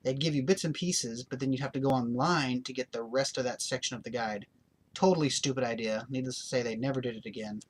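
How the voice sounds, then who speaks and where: A man's voice: medium pitch, steady tone, fast talker. A man hosting a gaming channel, giving casual show-and-tell in a blunt, opinionated, rambling way.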